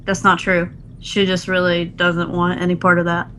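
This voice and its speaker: A woman's voice: fairly low pitch, completely flat delivery, moderate pace, pushed and bright, slight background noise, poor audio. A young woman co-hosting a casual gaming podcast, chatty and laughing often, acting out game characters' lines as she tells stories. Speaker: podcast co-host.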